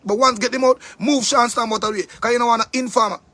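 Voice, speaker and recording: High-pitched, heated Jamaican man. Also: fairly even intonation, fast, sharp tone, no echo. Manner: angry, profane, preachy, repeats for emphasis. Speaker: commentator. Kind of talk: heated monologue rant.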